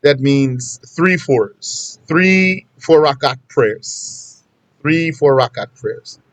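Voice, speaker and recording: A man's voice: on the high side, expressive, very slow, dry recording. A man teaching a casual religious lesson, talking conversationally and repeating his points for emphasis. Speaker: Islamic teacher.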